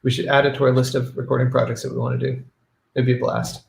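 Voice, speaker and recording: A man hosting a casual livestream, relaxed and reading viewer questions aloud. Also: medium pitch, quick pace, gravelly, reverberant, slight background noise. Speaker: band member hosting a livestream.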